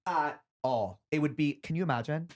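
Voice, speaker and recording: Young male comedian, chatty guest, fast animated anecdotes peppered with fillers. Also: on the high side. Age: young adult. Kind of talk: casual interview chat.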